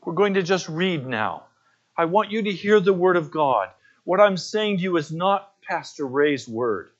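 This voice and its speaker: A man's voice: on the high side, lively intonation, unhurried, dull audio. A man preaching a sermon as pastor, telling personal stories in an earnest way.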